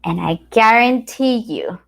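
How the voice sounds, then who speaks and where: A woman's voice: a little high, measured pace, creaky. A woman, a spiritual teacher giving a casual talk to camera, telling stories and acting out the dialogue. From Latin America. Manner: animated storyteller who acts out quoted dialogue.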